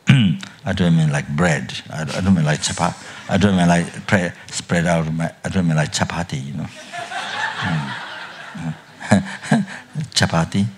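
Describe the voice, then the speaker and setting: An older man giving a Buddhist dharma talk at a retreat, speaking haltingly with many restarts and trailing phrases, often coughing and clearing his throat. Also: low-pitched, slight background noise. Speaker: Buddhist teacher.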